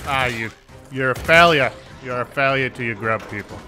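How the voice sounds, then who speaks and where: A man giving crude, excitable commentary over a video game playthrough, taunting the characters and cheering loudly. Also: medium pitch, normal speed, faint music behind. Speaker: gameplay commentator.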